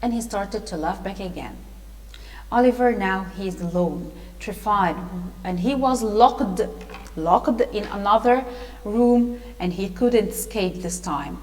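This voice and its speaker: A woman's voice: medium pitch, measured pace, darkish tone, long reverb tail, low-quality recording. A woman teacher with an Egyptian accent reading a storybook to pupils and patiently explaining new words, with hesitations. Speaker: English teacher.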